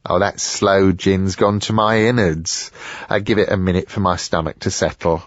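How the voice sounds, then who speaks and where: A man's voice: low-pitched, fairly even intonation, normal speed, dry recording, dull audio, natural voice. A man voicing a greedy, sly older antique dealer who wheedles and mutters sourly.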